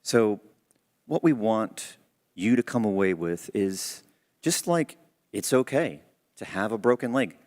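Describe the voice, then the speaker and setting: A man's voice: lowish voice, expressive, unhurried, darkish tone. A man giving a church talk, telling a story in an earnest, conversational way. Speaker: church speaker. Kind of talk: sermon storytelling.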